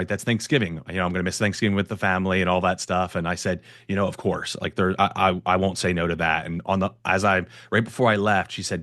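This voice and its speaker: A man hosting a panel discussion, telling a story in a relaxed, conversational way. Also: deep voice, dry recording, clean studio sound.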